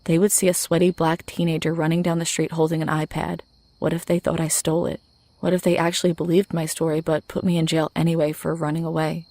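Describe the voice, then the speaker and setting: Lady narrating a scary story, deep flat voice, kinda gravelly, dry sound. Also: no room sound. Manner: low-key, measured storytelling. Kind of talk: scripted first-person narration.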